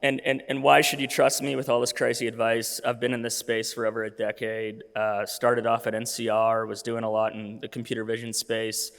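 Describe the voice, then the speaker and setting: A man in his thirties talks through a conference presentation in a loose, casual way, full of fillers and restarts. His voice is gravelly and a little worn, as if he is losing it. The sound rings with the long reverb of a large hall. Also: mid-range voice, monotone, fairly quick, few pauses, a bit bright. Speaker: conference speaker.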